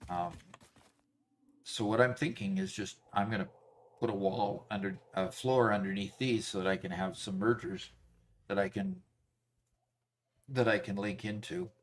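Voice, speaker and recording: A man streaming a factory-building game, thinking aloud in a halting, self-correcting way while fighting off hiccups. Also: on the low side, animated. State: has hiccups. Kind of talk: casual gameplay chat.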